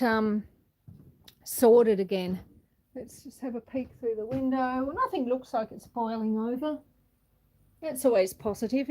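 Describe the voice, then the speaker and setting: An Australian woman chats and laughs her way through a casual livestream outdoors on a windy farm, calling out viewers by name and reading comments aloud. Her voice sits on the high side with a darkish tone.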